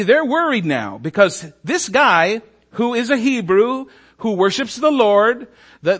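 A man preaching a sermon as a story, acting out the characters' lines and often asking the congregation "right?". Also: extremely high pitch. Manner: animated, acts out voices, asks "right?".

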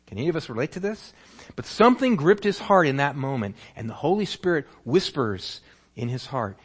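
A man's voice: medium pitch, normal speed, husky. A male pastor preaching a sermon, telling a story vividly and acting out its scenes. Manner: animated storytelling, acts out scenes.

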